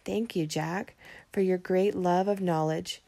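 A woman voicing a calm, kindly enchantress with a soft voice while reading a storybook aloud. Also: on the low side, measured pace.

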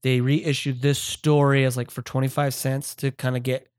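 A man's voice: mid-range voice, level tone, moderate pace, a little mellow, dry recording, clean studio sound. A man co-hosting a podcast, casually and eagerly recapping a comic story. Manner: enthusiastic, recaps scenes. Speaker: podcast co-host. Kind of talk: casual chat about a comic.

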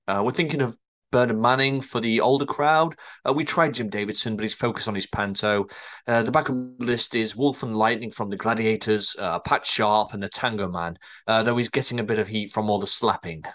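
A man's voice: fairly low pitch, fairly bright tone, lightly acted. A man playing a stammering English manager. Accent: English, drifting northern and southern. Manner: stammering, apologetic. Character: flustered middle-aged male hotel manager. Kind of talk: comedy table read.

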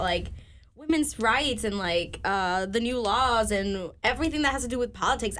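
A young woman co-hosting a podcast, telling stories in a chatty, animated way, full of fillers. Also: mid-range voice, slight background noise. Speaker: podcast co-host. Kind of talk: casual chat.

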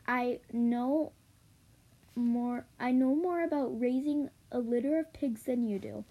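A woman reading the lines of a patient, loving farmer father in her own plain, halting voice. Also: a little high, warm tone. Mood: gentle. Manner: plain, halting read-aloud delivery.

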